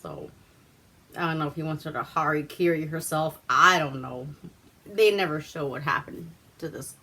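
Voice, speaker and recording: A woman's voice: sits low, moderate pace, bright, forceful tone, slight background noise. A woman vlogger retelling a movie plot in a loose, chatty way, full of "like" fillers and swearing, while drinking wine at home.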